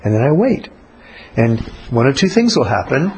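A man teaching about prayer in a relaxed, conversational way, blunt and colloquial. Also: medium pitch, moderate pace, slight background noise, low-quality recording. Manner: blunt, colloquial, acts out little spoken exchanges.

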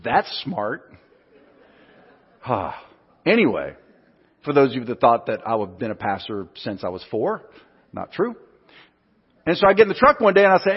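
A man's voice: medium pitch, big pitch swings, a little fast, pauses often, breathy edge. A male pastor preaching a sermon, telling stories with acted-out quotes. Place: church hall. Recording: muffled sound in a reverberant hall.

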